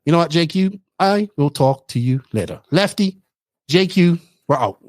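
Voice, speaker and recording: A man's voice: a little high, expressive, moderate pace, a little mellow, no room sound. A man hosting a podcast, chatting casually and teasing his co-host. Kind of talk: casual chat.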